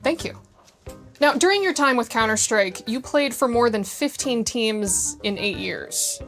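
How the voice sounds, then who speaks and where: A woman hosting a comedy segment, playfully teasing her guests with deadpan questions. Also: on the high side, a little slow, soft background music. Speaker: host and interviewer.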